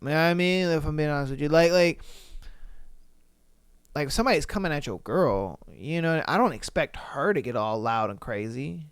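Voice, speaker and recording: A man's voice: a little high, normal speed, smooth, dry recording, studio quality. A young man hosting a podcast, reacting in blunt, profane, joking casual chat. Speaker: podcast host.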